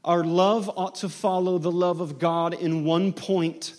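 A male pastor delivering a sermon in a slightly high voice. He tells stories with acted-out dialogue, then drives his points home with loud, impassioned bursts. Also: flat delivery, a little slow, hardly any pauses. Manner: impassioned preaching, building to loud climaxes.

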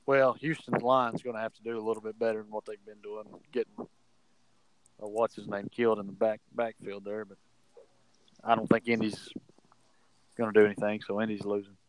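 A man in a casual sports chat, talking slowly and stuttering a little as he makes his picks. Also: on the low side, flat delivery, dry recording, low-quality recording. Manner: slow, halting, with stutters. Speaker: co-host picking games.

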